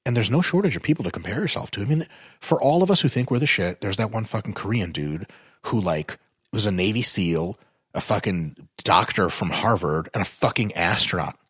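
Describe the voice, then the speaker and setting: A man with a husky, slightly low voice talks as a podcast guest, recorded close and dry. He is blunt and swears freely. When he gets fired up, his pitch jumps high. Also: fairly quick, no room sound. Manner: animated and explanatory, swings up in pitch when fired up. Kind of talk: casual podcast chat.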